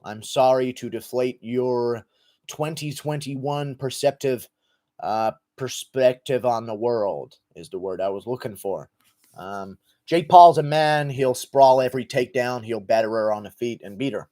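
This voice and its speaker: A man of middle pitch hosts a relaxed livestream chat. He rambles through his thoughts with plenty of fillers and casual swearing, sounding easygoing and unpolished. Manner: laid-back, profane, rambling with fillers. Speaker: livestream host reading donations.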